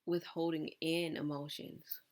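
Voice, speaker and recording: A woman's voice: deep voice, little pitch movement, a little slow, a little mellow. A woman giving a collective tarot reading, asking probing questions and breaking off for casual asides. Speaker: tarot reader.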